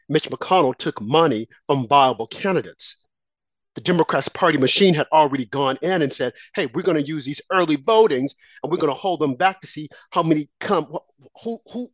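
Husky woman ranting on a talk show, sarcastic sing-song mocking, dry dull sound. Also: low voice, dry recording. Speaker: political commentator. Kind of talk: opinion monologue.

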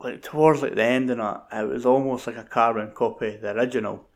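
Gravelly man, halting film chat. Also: medium pitch, fairly even intonation. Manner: hesitant, searching for words. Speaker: podcast co-host.

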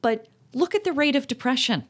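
A middle-aged woman co-hosting a parenting talk, speaking emphatically and jumping up in pitch on key points. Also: expressive, a little fast. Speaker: podcast co-host, parenting author. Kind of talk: casual conversational chat.

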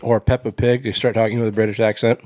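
A young man co-hosting a horror podcast, chatting casually with loose, swearing, animated rants. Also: fairly low pitch, fast talker, dry recording. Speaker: podcast co-host. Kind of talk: casual chat.

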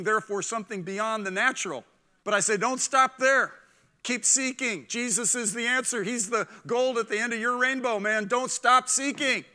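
A middle-aged man preaching a sermon as pastor, animated and acting out the voices of people in his stories. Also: high-pitched.

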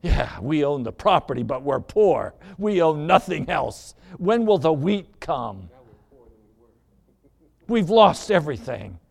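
A man's voice: fairly high pitch, sing-song, slow, creaky, darkish tone, full character voice. A man voicing a farmer's upset wife in a sermon story, exasperated and scolding. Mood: despairing. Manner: exasperated and indignant.

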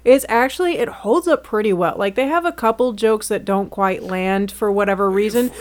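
A woman's voice: medium pitch, normal speed. A woman co-hosting a casual podcast, chatty and full of "like". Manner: chatty, fills with "like". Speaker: podcast co-host. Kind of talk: casual chat.

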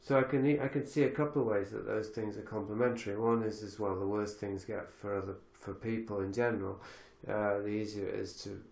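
A man's voice: fairly low pitch, fairly even intonation, a little fast, creaky, hardly any pauses, darkish tone, roomy sound. A man hosting a podcast conversation, reflective and thinking aloud with many fillers and restarts. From lives in Galicia. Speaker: podcast host.

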